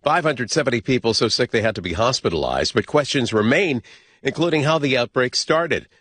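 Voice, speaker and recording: A man anchoring a newscast, reading headlines in a measured, crisp way into a studio microphone. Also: medium pitch, lively intonation, a bit bright, no room sound. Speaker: news anchor.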